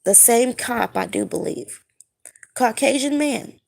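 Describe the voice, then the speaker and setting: A woman who has just woken up, recounting a dream in a casual monologue, halting and searching for her words with many fillers. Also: fairly high pitch, expressive, gravelly, a little mellow. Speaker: spiritual vlogger.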